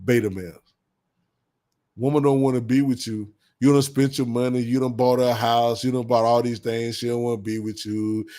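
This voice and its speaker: Man, mid pitch, blunt preachy vlogger who repeats his points. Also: level tone, normal speed, dark tone. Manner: blunt, preachy, heavy slang, repeats insults with bursts of laughter. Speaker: commentary vlogger. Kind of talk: casual advice monologue.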